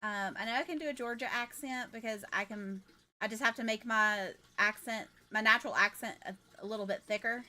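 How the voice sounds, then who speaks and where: A woman's voice: fairly high pitch, brisk, bright, forceful tone. A woman chatting casually and rambling on a gaming livestream. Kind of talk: casual gaming stream chat.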